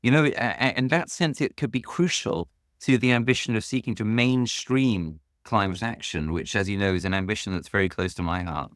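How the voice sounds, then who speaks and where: Guy, lowish voice, dry close sound, earnest and leaning on his words. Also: fairly quick, fairly bright tone, dry recording. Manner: earnest, emphatic, stresses key words. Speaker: guest author and campaigner. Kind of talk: podcast interview answer.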